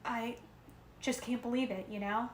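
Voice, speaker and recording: A woman reading aloud puts on a brash, chatty teenage girl who loves gossip and slang, her voice pitched high and bright. The reading sits in a roomy, echoey space with a faint hiss behind it. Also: moderate pace, natural voice. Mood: sympathetic. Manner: chatty, slangy, excitable storyteller. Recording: roomy echo with faint noise.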